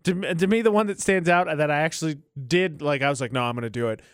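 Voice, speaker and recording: A man co-hosting a radio show, chatting casually and telling animated, joking stories. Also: fairly high pitch, fast, smooth, no echo, clean studio sound. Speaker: radio co-host.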